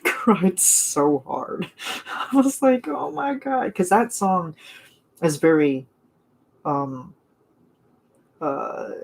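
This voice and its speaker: A non-binary young adult streamer talks casually with viewers in a mid-range voice. They gush, ramble and fill gaps with little laughs and "um"s. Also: mid-range voice. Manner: gushing, chatty, rambling with fillers and laughs. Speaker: vlogger chatting with viewers. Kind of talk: casual live chat.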